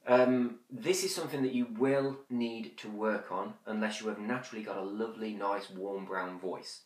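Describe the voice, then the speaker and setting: A man teaching hypnosis in a quick, chatty way with many fillers, now and then slowing to a soft, drawn-out demonstration. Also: mid-range voice, fairly even intonation. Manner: drops to slow whispery demonstrations. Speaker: hypnosis instructor. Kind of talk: conversational teaching. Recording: roomy echo.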